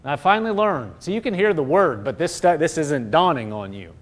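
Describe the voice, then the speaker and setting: High-voiced fervent male preacher. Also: expressive, brisk. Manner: emphatic, rising into fervent quoted prayers. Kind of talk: sermon.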